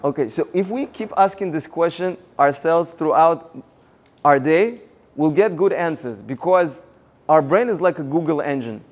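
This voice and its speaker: A man giving a motivational seminar talk, energetic and rallying the audience with questions. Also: on the high side, normal speed. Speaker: seminar speaker.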